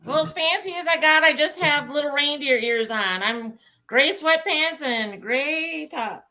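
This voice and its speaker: Minnesotan woman, cheerful stream guest, high and bright. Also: expressive, measured pace.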